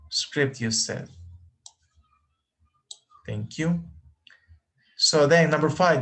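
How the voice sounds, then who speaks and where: A man's voice: mid-range voice, a bit bright. A man teaching an online English class, patiently repeating words for his students.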